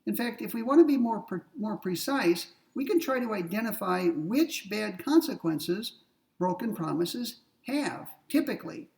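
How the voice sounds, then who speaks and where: A man's voice: high voice, lively intonation, normal speed, vocal fry, a little mellow, recorded from a distance, low-quality recording. A man giving a recorded philosophy lecture, explaining points methodically, repeating key ideas and asking rhetorical questions.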